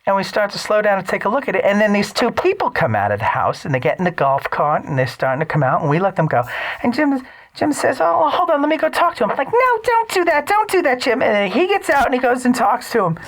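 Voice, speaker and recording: A man's voice: high voice, sing-song, fairly bright tone, voice pushed up, heavily acted, rough recording. A man putting on an affected nasal chatty mom. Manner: drawn-out, gossipy storytelling. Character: chatty middle-aged mother, nasal and affected.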